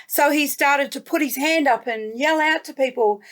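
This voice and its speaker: A woman from New South Wales with an Australian accent, gently telling a Bible story to children as a guest storyteller. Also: high voice. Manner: gentle, slow, warmly emphatic.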